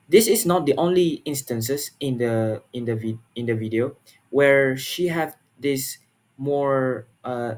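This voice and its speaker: A young Malaysian man gives a class presentation, his medium-pitched voice carrying a darkish tone. He speaks earnestly but haltingly, frequently repeating words and filling his pauses.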